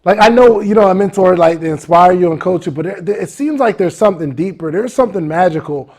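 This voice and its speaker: High-pitched guy hosting a podcast, hyped and slangy, keeps saying yo. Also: fairly quick. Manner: excitable, slangy, says "yo" a lot. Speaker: podcast host. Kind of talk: casual interview talk.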